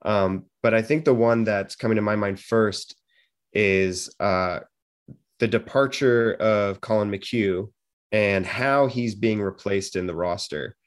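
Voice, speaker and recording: A man's voice: on the low side, takes it slowly. A man hosting a casual interview, rambling with lots of fillers and little jokes. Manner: rambling, full of fillers, jokey. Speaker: podcast host.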